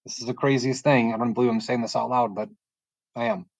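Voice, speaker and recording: Calm, halting middle-aged man. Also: medium pitch, no echo. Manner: halting and emotional, frequent restarts; calm, soft-spoken. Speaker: podcast guest sharing testimony. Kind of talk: personal testimony, casual storytelling.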